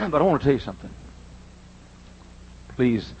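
An older man preaching a sermon in church, telling personal stories and swinging between loud emphasis and hushed asides. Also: medium pitch, sing-song, moderate pace, dull audio, slight background noise. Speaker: pastor. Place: church sanctuary.

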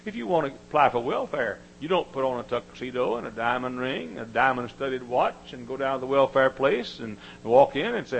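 Gravelly male preacher swinging hushed to loud. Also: medium pitch, very animated, moderate pace, hardly any pauses, slight background noise, low-quality recording. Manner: dramatic swings from hushed to shouting; emphatic repetition. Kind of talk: sermon.

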